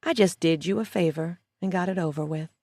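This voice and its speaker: A woman's voice: lowish voice, dry recording, clean studio sound. Woman voicing a smug, cold schemer. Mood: smug, calm. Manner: calm, slow and condescending. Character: smug, cold woman who framed another.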